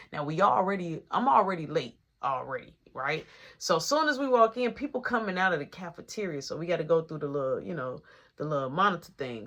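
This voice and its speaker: A young man telling a casual storytime, animated and slangy, acting out each person's lines. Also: high voice.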